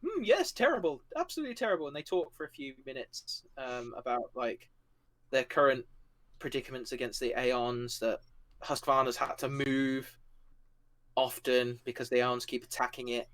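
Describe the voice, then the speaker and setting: A man's voice: medium pitch, little pitch movement, normal speed, fairly bright tone. A man narrating a tabletop game as game master, loose and full of fillers.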